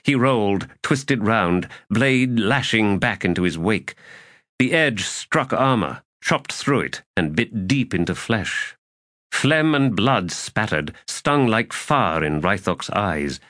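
A man with a lowish voice narrates a fantasy audiobook. His delivery is grave and measured, with dramatic weight. The sound is dry and close. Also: lively intonation, a bit bright, no room sound.

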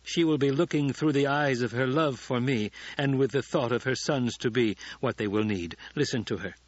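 A man's voice: medium pitch, moderate pace, dry recording, lo-fi sound, natural voice. A man voicing a commanding, calculating young male ruler with clipped delivery.

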